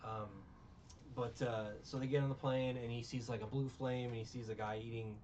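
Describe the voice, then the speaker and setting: A man's voice: mid-range voice, steady tone, normal speed, darkish tone. A man in casual chat recapping a film, rambling with restarts and incredulous rants. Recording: lo-fi with faint hiss.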